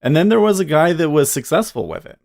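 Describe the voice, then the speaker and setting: A man's voice: a little high, big pitch swings, fast, gravelly. A man hosting a casual livestream. He is chatty, laughs often and trails off mid-thought. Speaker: streamer and day trader.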